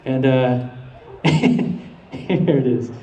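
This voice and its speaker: The guest voice actor on this convention panel speaks very slowly in a mellow, medium-pitched voice, laughing often as he tells stories and responds to questions. Captured by a handheld camera far from the stage, the echoey hall recording has a little hiss or hum, plus audience murmurs and laughter.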